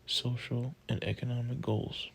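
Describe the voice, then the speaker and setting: A man narrating a textbook audiobook, reading list items in a slow, measured way. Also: medium pitch, level tone, creaky, slightly rough, low-quality recording.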